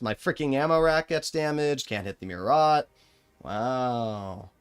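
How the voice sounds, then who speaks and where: A man's voice: mid-range voice, expressive, measured pace, clear, resonant tone. A young man streaming a tank game live, giving sarcastic, exasperated commentary to his chat. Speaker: gaming streamer.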